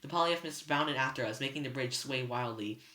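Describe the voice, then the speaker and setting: A reader narrating a novel chapter aloud in first person, steady but with slips and restarts. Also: mid-range voice, brisk. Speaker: student reader. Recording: roomy echo.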